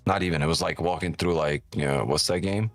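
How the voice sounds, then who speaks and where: A man's voice: sits low, quick pace, no echo, soft background music. A man hosting a live trading stream, joking and teasing viewers in casual, profane banter. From New York.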